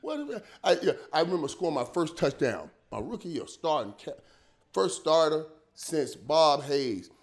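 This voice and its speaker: A man in his fifties, a guest on an interview show, telling stories in a casual, animated and slangy way, repeating words and acting out what others said. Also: on the high side, normal speed. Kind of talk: casual storytelling.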